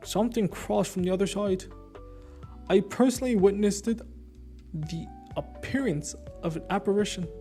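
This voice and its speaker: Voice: medium pitch, normal speed, dark tone, soft background music, pitched above the performer's own voice, natural voice. A streamer doing a mock-dramatic reading of an in-game document as a stiff German official, formal and declaiming. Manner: formal, declaiming, breaks into giggles.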